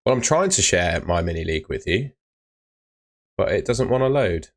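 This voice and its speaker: A man with a deep, expressive voice hosts a casual fantasy football live stream at normal speed. He chats loosely and uses filler words as he reads out viewer comments.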